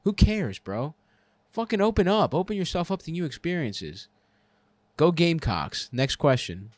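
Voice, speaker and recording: Man, comedy advice host, profane rant, lively pitch, dry sound. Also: moderate pace, no room sound. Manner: profane, loud, rambling, laughing at his own jokes.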